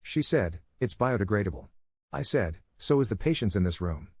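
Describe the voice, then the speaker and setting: Low-voiced man narrating a story, dry sound. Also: animated, normal speed, darkish tone, slightly rough, no echo.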